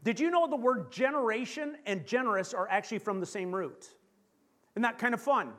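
Canadian male pastor, very high voice, lively sermon delivery, calls out questions to the room. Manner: lively preaching with rhetorical questions and stressed slow phrases.

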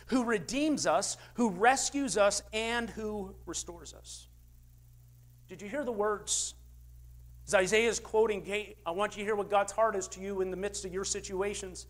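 An older man preaching a sermon as a pastor, emphatic, with big swings in pitch and loudness.

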